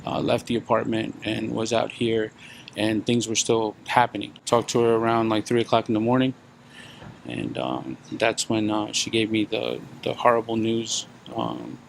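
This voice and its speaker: A man interviewed for a news story, speaking in a halting, hesitant, subdued way. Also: fairly low pitch, lively intonation, vocal fry, a little hiss or hum. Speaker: interviewee, work supervisor.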